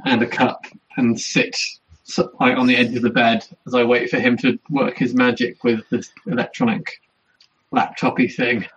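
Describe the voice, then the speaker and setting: A man's voice: mid-range voice, level tone, normal speed, a bit bright, breathy edge. A man playing a tabletop game, chatting through his character's actions step by step. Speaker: player. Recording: dull lo-fi mic.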